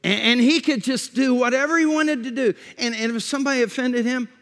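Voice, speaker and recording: A pastor with an extremely high-pitched voice preaches conversationally, repeatedly starting sentences over. For reflective questions he drops to a soft, slow delivery. A long hall reverb colors the recording.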